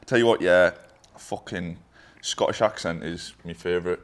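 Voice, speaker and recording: A man talks loosely with a friend, swearing freely and wandering through his thoughts with fillers. His voice sits a little low. The talk is easy and informal. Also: moderate pace. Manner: swearing, rambling, relaxed. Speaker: brand co-founder. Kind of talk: casual chat.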